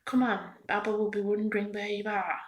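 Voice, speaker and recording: A woman voicing a reassuring young companion in a soft whispered role-play. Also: medium pitch, little pitch movement, a little fast, lightly acted.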